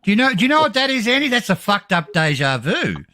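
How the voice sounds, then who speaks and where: Lively teasing man on stream. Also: high-pitched, fast talker, crowd noise. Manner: teasing, swearing, animated. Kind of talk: casual chat on a live stream.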